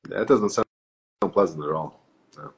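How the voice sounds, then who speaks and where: A man's voice: deep voice, a little slow, poor audio. A man chatting casually as a podcast guest, easygoing and laughing often. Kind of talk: casual chat.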